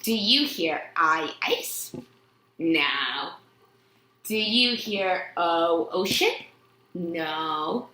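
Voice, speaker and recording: Slow, lively woman teaching young children phonics. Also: lowish voice, roomy sound. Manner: stretches out words and sounds, asks and answers her own questions.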